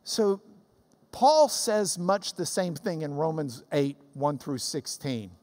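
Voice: medium pitch, lively intonation, slow, darkish tone. A Bible teacher giving an emphatic, explanatory sermon in a church hall.

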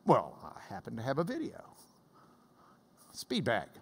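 Animated Bible teacher in an echoing hall. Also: mid-range voice, unhurried, vocal fry, a little hiss or hum. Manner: animated, chants rhythms to make a point. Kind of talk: classroom Bible lesson. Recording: long reverb in a hall.

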